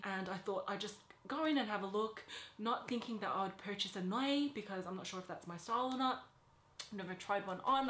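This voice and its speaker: A young woman hosting an unboxing vlog, talking in a gushing, nervous, excited way. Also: medium pitch, roomy sound, slight background noise. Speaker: vlogger.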